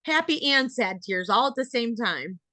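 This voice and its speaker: A woman's voice: fairly high pitch, animated, moderate pace, pushed and bright, dry recording. A young adult woman with an American accent, a dairy farmer hosting a casual interview podcast and talking in a rambling way full of fillers.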